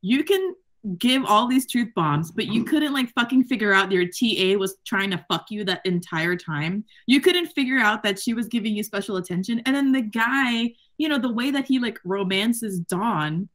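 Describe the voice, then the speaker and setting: A woman co-hosting a book club podcast in casual chat, animated and profane, acting out quotes and laughing often. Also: fairly high pitch, normal speed. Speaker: podcast co-host.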